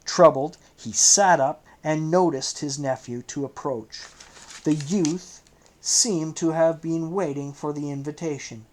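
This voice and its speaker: A man narrating an audiobook in a measured, steady storytelling manner. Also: a little high, poor audio. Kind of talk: scripted narration.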